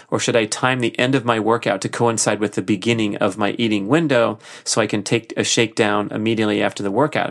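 A man's voice: lowish voice, vocal fry, fairly bright tone. A middle-aged man hosting a podcast alone, talking casually and enthusiastically with frequent fillers. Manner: enthusiastic, chatty, many fillers. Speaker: podcast host. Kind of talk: casual solo podcast monologue.

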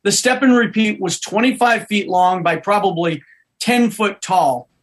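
A man, a podcast guest, telling an animated story in casual chat. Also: high-pitched, measured pace.

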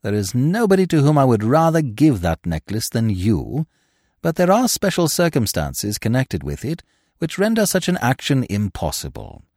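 A man voicing an unflappable young gentleman who speaks in a languid, elaborately polite way. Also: medium pitch, wildly swooping pitch, normal speed, dry recording, studio quality, pitched above the performer's own voice. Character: suave young man, unflappable, verbose, whimsical.

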